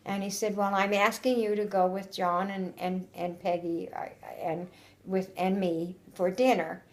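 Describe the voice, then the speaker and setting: A woman's voice: medium pitch, level tone, a little slow, darkish tone. Older woman, oral history interviewee, rambling storyteller, laughs often. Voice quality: laughs often while telling stories. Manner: chatty, rambling with restarts and quoted dialogue.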